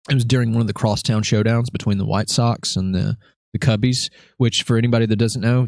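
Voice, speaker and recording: A man's voice: lowish voice, no room sound, clean studio sound. A young man from Alabama with a slight Southern twang, hosting a casual chat and telling stories animatedly, slipping into voices. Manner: animated storyteller who acts out voices. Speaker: podcast host.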